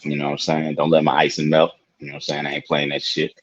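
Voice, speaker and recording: Fast-talking and monotone, this bass-voiced man co-hosts a podcast in a relaxed, rambling style loaded with fillers and "you know what I'm saying." The casual chat is captured over a video call, so the sound is dull and lo-fi.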